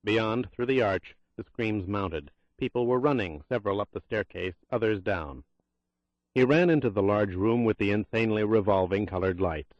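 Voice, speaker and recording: A man narrating a thriller audiobook in a tense, measured reading. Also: on the low side, expressive, no echo, muffled recording.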